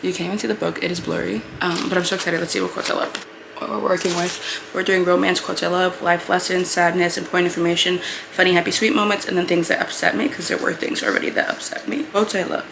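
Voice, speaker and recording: A woman's voice: fairly low pitch, flat delivery, fast talker, gravelly, background noise. A young woman chatting in a casual reading vlog, bubbly and gushing, with lots of "like" fillers, recorded at home. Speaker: book vlogger.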